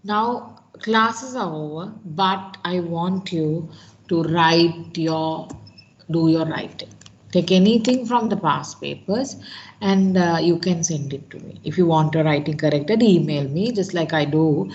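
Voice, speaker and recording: A woman with a Sri Lankan English accent gives an online class lecture in an instructive manner, frequently checking in with her students by asking "right?". Her voice is fairly low, a little mellow, and measured in pace, on a lo-fi recording with slight background noise.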